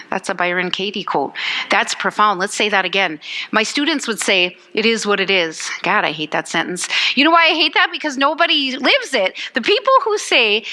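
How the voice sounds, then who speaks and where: A woman giving a motivational talk as guest speaker at a church service, animated, acting out quotes and asking the audience questions. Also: mid-range voice, normal speed.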